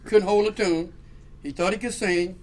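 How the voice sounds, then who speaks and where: The voice is a man's, high and at a moderate pace. He's a guest storyteller in casual conversation, giving an animated account of a long funny story, performing the quoted voices and laughing frequently.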